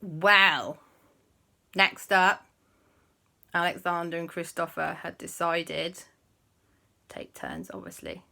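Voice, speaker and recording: A woman narrates a children's story at an unhurried pace. Her voice is bright and swoops widely up and down. She acts out the sound effects with gusto. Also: on the low side, creaky. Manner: animated, acting out sounds and voices.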